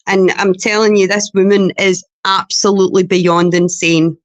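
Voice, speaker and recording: A woman's voice: medium pitch, fairly even intonation, normal speed, no room sound. A Scottish woman on a livestream panel, talking bluntly and swearing heavily. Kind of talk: heated livestream chat.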